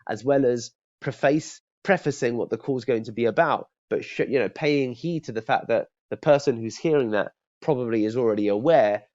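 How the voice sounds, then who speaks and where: A man's voice: mid-range voice, a little mellow. A man teaching cold calling in a conversational way, often restarting and checking in with "okay?". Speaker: sales trainer. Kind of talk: training talk to camera. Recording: dull lo-fi sound.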